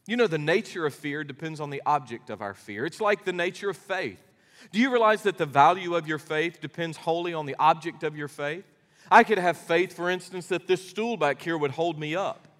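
A middle-aged pastor delivers a sermon in a high, lifted voice, folksy and emphatic as he tells his stories. The sound carries a long reverb from a church sanctuary. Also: fairly quick. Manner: animated storytelling preacher, folksy and emphatic.

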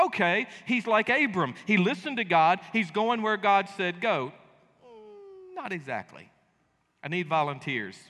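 Pastor guy preaching, joking around, kinda high voice, big echoey church. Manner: animated, joking storytelling. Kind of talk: sermon. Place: church sanctuary.

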